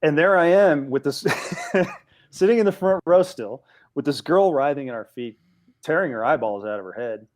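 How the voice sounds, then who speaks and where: A man in his forties, a podcast guest telling a story in a casual, animated way with frequent restarts. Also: fairly high pitch, moderate pace. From United States.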